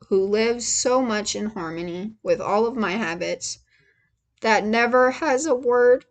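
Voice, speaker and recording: A woman reads aloud softly in a whispered role-play ASMR style. She goes at a very unhurried pace, pausing often. When a name trips her up, she spells it out letter by letter. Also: medium pitch. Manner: slow halting reading, spells out hard words letter by letter; gets emotional and laughs between passages. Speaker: ASMR host reading aloud.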